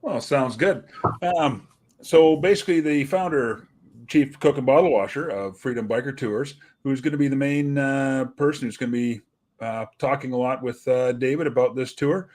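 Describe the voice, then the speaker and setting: A man's voice: medium pitch, normal speed, darkish tone. Regular-voiced guy hosting a livestream, easygoing, lots of uhs, video call. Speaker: livestream host.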